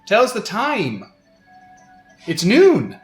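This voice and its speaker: A man's voice: high-pitched, huge pitch swings, very slow, echoey room, soft background music, voice pushed up, heavily acted. A man putting on a chirpy Canadian trader. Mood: cheerful. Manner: exaggerated folksy put-on accent. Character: cheery Canadian male trader, chatty and folksy.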